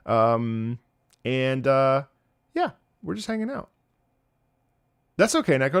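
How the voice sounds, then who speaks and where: A man's voice: medium pitch, big pitch swings, takes it slowly, long pauses, smooth. A man casually chatting with his viewers on a live stream, rambling and joking with chat.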